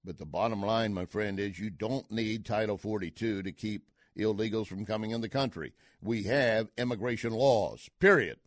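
A man's voice: on the low side, moderate pace, few pauses, no room sound. An older man hosting a talk radio show, delivering an opinionated monologue with emphatic, punchy asides into a studio mic.

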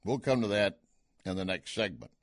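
A man hosts political talk radio in a folksy, sarcastic way, often scoffing. His pitch moves around lively. The sound is dry and close with no room echo. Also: normal speed. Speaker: radio talk show host.

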